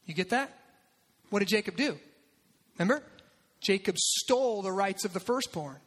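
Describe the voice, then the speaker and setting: Male pastor, very high voice, animated sermon delivery, long hall reverb. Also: moderate pace. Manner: animated, acts out quoted lines with raised voice.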